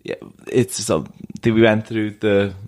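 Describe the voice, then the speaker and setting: A man's voice: on the low side, level tone, slow, darkish tone, dry recording, studio quality. A young man co-hosting a comedy podcast, telling a story at an easy pace and chuckling at his own jokes. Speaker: podcast co-host. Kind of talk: casual comedic chat.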